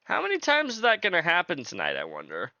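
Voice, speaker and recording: A man's voice: on the high side, wildly swooping pitch, fast, bright, forceful tone, no room sound, highs cut off. A man streaming a video game live, chatting casually and joking with his viewers.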